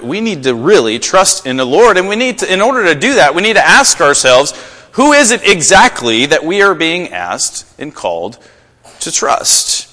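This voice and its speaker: A man preaching a sermon to a congregation, telling stories in an animated way. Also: big-room sound. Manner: animated storytelling, rising pitch in acted quotes. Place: church.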